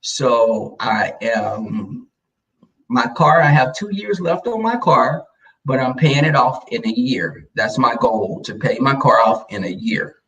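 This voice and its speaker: Gravelly man chatting to live viewers. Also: medium pitch, animated, slow pace, a bit bright, recorded from a distance, poor audio. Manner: chatty storyteller addressing viewers. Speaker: livestream host. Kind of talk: casual livestream chat.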